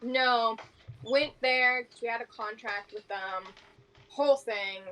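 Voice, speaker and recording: A woman's voice: a little high, slow pace, pushed and bright, slight background noise. A woman player in a tabletop game who tells her part in chatty, run-on sentences. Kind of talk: casual tabletop game talk.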